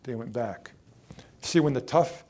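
An older man preaching a sermon as pastor, in a plain conversational way. He gets louder to stress key points and asks the congregation direct questions. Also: mid-range voice, unhurried. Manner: emphatic, rising in volume to stress points.

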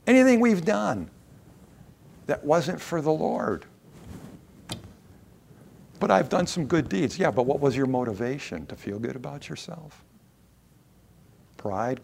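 A man preaching a sermon in a conversational, emphatic way, repeating words and restarting phrases, with sudden jumps and drops in loudness. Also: fairly high pitch, creaky. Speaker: pastor.

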